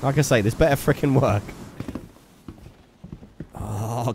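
Lively low-voiced man streaming. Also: moderate pace, gravelly, pauses often, a little hiss or hum. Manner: playful, banters and scolds a game character. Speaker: game streamer. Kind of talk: live gameplay commentary to chat.

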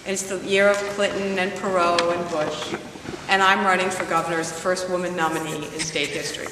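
A middle-aged woman giving an emphatic public talk, telling a story and slowing down to stress her points. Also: fairly low pitch, flat delivery. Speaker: guest speaker, former candidate. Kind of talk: public speech with anecdote. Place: large hall with an audience. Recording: echoey hall from far off, faint noise.

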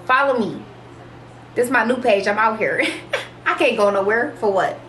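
A woman's voice: fairly high pitch, moderate pace, fairly bright tone, a little hiss or hum. A woman hosting a casual livestream, talking to viewers in a brash, boastful, profane way. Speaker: livestream host.

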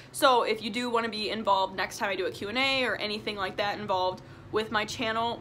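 A woman's voice: mid-range voice, sharp tone, slight background noise. A young woman from Illinois talking casually to her channel from home, chatty and upbeat as she eats lunch. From Wilmington, Illinois, USA. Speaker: vlogger. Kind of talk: casual chat while eating. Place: at home, indoors.

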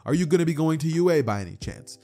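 A man's voice: fairly high pitch, lively intonation, quick pace, mellow, pitched above the performer's own voice. All Might, hearty hero, put on by a man. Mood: encouraging. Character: booming heroic adult male superhero, cheerful.

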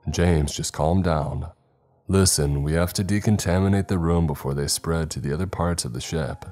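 A stern, commanding spaceship captain, as a man acts him out, with an extremely deep voice and clipped orders. Faint music sits behind him in a horror audio story. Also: moderate pace, a little mellow, natural voice. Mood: urgent. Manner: commanding, curt.

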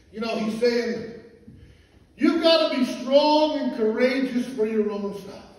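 A male pastor preaching a sermon, swinging from low, quick storytelling into shouted, half-sung cadences. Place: church sanctuary. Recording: echoey hall, mic far off.

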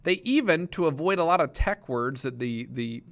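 A man's voice: fairly high pitch, lively intonation, moderate pace, a bit bright. Man explaining a lesson casually. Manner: explanatory, conversational, with frequent fillers and restarts. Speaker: teacher. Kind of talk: recorded classroom lecture.

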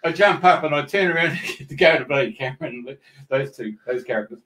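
A man with an Australian accent, a radio host telling a dream story in casual chat, animated and laughing as he talks. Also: fairly high pitch, fast talker, recorded from a distance, a little hiss or hum, rough recording.

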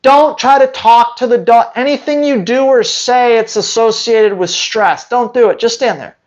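A man's voice: very high-pitched, moderate pace, muffled recording. A man who trains dogs, answering viewer questions on a live stream in a blunt, emphatic way and hammering his points home by repeating them. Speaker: dog trainer.

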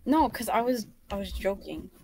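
A woman's voice: medium pitch, expressive, normal speed, warm tone, a little hiss or hum, rough recording. A young woman from England with a British accent, insisting on her answers with defensive, laughing persistence. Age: young adult.

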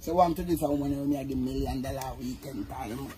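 A young man with a Jamaican accent telling animated stories in casual chat, laughing often, recorded on a phone. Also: mid-range voice, fast talker, crowd noise. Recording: noisy phone video recording.

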